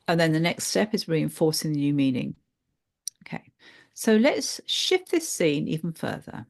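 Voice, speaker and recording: A woman therapist walks through a therapy technique with examples, speaking in a measured, hesitant way with plenty of fillers. Her voice is low and has a gravelly texture. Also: big pitch swings, a little mellow.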